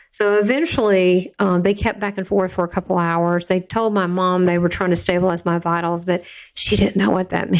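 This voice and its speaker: A woman with a Southern US accent tells a personal story as a podcast guest. Her delivery is chatty and vivid, and her voice sits in an ordinary middle pitch. She acts out the voices she quotes.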